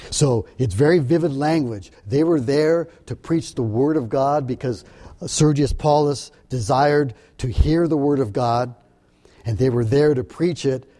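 A preacher gives sermon-style Bible teaching, explaining the text earnestly and searchingly. His voice is warm and mellow at a middle pitch, and he often stumbles and repeats words, restarting haltingly before pressing on.

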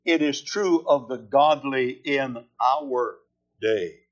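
A man preaching a sermon, slow and deliberate, leaning hard on key words. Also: medium pitch, muffled recording. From California.

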